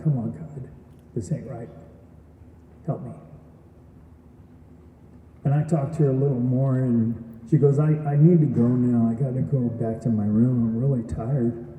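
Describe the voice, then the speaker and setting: A man tells his story earnestly, turning to the audience with questions. His voice is dark and mellow, and it carries a long reverb from a large hall, picked up from far off the mic. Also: mid-range voice, a little hiss or hum. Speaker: graduation speaker. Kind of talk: testimonial speech. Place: event hall.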